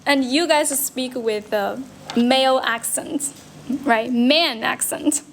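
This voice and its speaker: A woman's voice: sits high, slow, slight background noise. Chatty young woman livestreaming. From China. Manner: switches between English and Mandarin, repeats and self-corrects. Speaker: livestream host, English teacher. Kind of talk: casual livestream chat answering comments. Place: friend's house.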